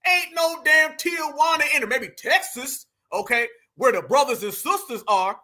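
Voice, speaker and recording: A man's voice: very high-pitched, expressive, moderate pace, hardly any pauses, sharp tone. A man, hosting casual reaction commentary, emphatic and profane, calling his viewers fam. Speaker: commentary channel host.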